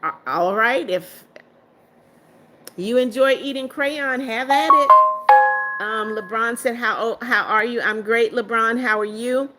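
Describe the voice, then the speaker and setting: A woman hosting a live stream, reading viewer comments aloud and answering them, firm and quick to block trolls. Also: fairly high pitch, music in the background. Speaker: livestream host.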